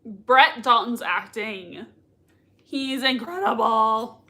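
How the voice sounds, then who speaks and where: A young woman with a lilt hosts a live reaction stream, her voice sitting high. She talks at an unhurried pace and gushes with feeling, squealing when moments hit her. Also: expressive, pushed and bright. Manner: gushing, squealing with emotion. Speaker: livestream reaction host. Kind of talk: excited live reaction chat.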